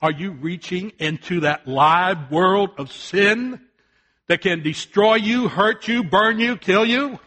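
An older man with a high voice preaches slowly, telling a folksy family story. He swings between loud, shouted warnings and soft, quiet appeals.

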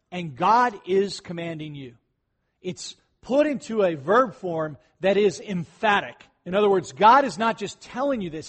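A middle-aged male pastor with a high-pitched voice preaches a conversational sermon. He often clears his throat and rises into excited bursts.

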